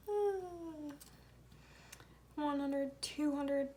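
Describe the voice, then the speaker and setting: A woman with a light Southern US drawl and a high voice walks through her cash budget in a casual vlog. She talks slowly and unhurriedly, counting bills out loud and dropping into soft murmurs as she tallies. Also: slight background noise. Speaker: budgeting vlogger.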